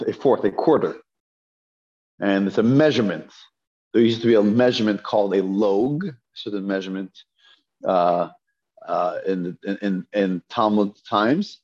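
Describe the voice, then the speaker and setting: Man, Hebrew reading teacher, slow unhurried delivery, repeats syllables, restarts phrases, dull lo-fi sound. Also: on the low side, a little mellow. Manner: patient, repeats syllables slowly for students to echo. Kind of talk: teaching a group reading class. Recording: dull lo-fi class recording.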